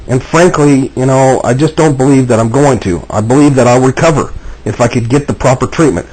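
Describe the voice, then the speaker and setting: A medium-pitched, fairly quick voice with a darkish, slightly rough tone carries this agitated personal video monologue. The man repeats himself and keeps restarting as he talks to camera, and the audio is poor.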